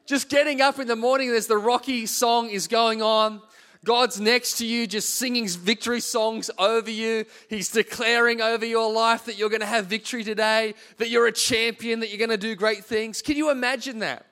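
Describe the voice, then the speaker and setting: A man in his forties preaches a sermon with a fairly high-pitched voice. He moves easily between scripture and casual personal stories, talking to the congregation in a conversational way. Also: fairly even intonation, normal speed, bright, forceful tone, clear, resonant tone. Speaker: pastor.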